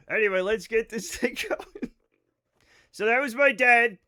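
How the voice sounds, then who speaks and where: A man's voice: very high voice, slow pace, sharp tone. A man streaming a game live, chatting loosely with his viewers, rambling and swearing.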